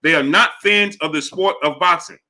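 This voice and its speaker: A man hosting a live boxing stream, arguing his point with repetition and greeting chat members in a lower voice. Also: normal speed. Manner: animated, argumentative, repeats points; drops low and soft for chat shout-outs. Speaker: boxing show host.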